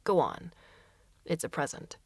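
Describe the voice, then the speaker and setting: A woman voicing an impulsive, quick-tempered older widower who blurts out short, anxious exclamations. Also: dry recording, studio quality, close to an everyday voice. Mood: coaxing.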